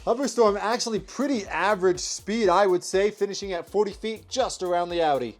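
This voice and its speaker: A young man hosting his channel, giving energetic play-by-play commentary on toy car races. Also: sits high, brisk, soft background music. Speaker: toy car race host. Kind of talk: race commentary vlog.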